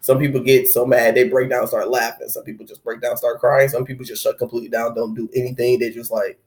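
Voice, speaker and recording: A man's voice: medium pitch, level tone, fast talker. A young man hosting a spiritual talk on heartbreak, speaking loosely and conversationally and acting out the inner voices of people going through it. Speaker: spiritual video host. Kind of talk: casual spoken talk on heartbreak.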